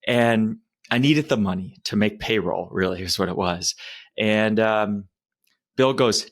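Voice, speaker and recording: A man's voice: fairly low pitch, measured pace. A man co-hosting a podcast interview, telling a long story in a rambling way and often correcting himself. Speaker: podcast co-host. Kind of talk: casual interview chat.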